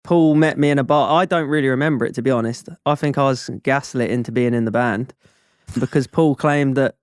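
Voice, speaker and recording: A man's voice: medium pitch, fairly quick, clear, resonant tone, dry recording, clean studio sound. A man chatting casually as podcast co-host, laughing easily between memories. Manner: laughing, easygoing. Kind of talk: casual chat.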